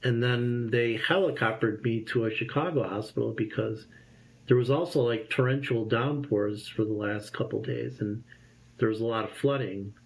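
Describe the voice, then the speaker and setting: Man, fifties, interview guest, animated storyteller, plain mid-range voice. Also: medium pitch, normal speed, vocal fry. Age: 50s.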